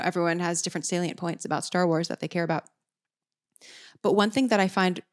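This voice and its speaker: Hesitant, thoughtful woman podcaster, lowish voice. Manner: thoughtful, hesitant, many restarts and qualifiers. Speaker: podcast host. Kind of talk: reflective solo commentary.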